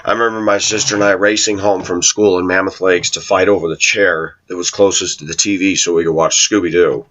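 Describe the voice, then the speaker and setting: A man's voice: deep voice, fairly even intonation, fairly quick, fairly bright tone, lo-fi sound. A middle-aged man giving a casual preaching monologue, telling stories, asking rhetorical questions and laughing often. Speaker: online Christian commentator.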